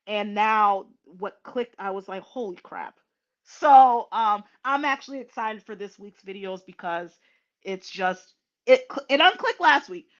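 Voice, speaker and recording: Slow, halting woman host, tearful. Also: medium pitch, muffled recording. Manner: slow and halting, many ums and restarts; tearful and emotional. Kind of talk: casual heartfelt livestream talk.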